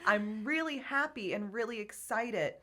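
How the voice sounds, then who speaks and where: A woman who co-owns a gym talks about her work as a guest on a podcast, her lowish, slightly bright voice moving at a normal speed. It's a casual interview chat, and she's candid and laughs often.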